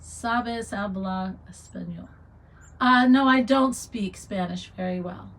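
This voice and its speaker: A middle-aged woman hosting a casual livestream, chatting and reading viewer comments aloud with warm encouragement. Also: medium pitch, slow pace, low-quality recording. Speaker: livestream host.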